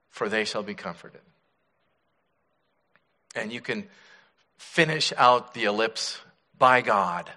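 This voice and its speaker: A middle-aged male pastor preaching a sermon, dropping to soft hushed tones and then rising with emphasis. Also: mid-range voice. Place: church sanctuary. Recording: church hall reverb.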